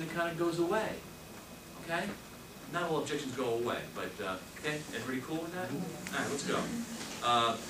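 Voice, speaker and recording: A man teaching a real estate sales class, emphatic and repeating his key points as he coaches. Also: a little high. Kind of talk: classroom training talk. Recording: echoey room, mic far off, noisy.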